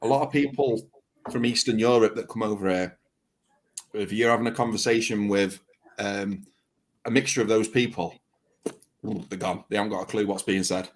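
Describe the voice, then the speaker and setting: A man's voice: on the low side, fairly even intonation, moderate pace, pauses often. A man with a northern English accent chatting easily on a livestream, explaining things in a plain-spoken, patient way. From England. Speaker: guest YouTuber on a livestream. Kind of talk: casual chat.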